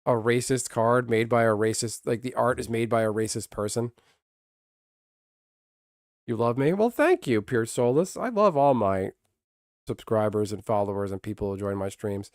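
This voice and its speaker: A man's voice: lowish voice, normal speed, long pauses, no echo, clean studio sound. A man streaming, ranting casually and bluntly with profanity, restarting his sentences often. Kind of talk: casual livestream rant.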